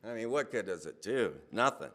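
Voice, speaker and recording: A man speaking in a casual, animated monologue, his voice climbing higher and louder when he gets worked up. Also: normal speed. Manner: animated storytelling, voice rising when excited. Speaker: speaker on a hypnosis channel.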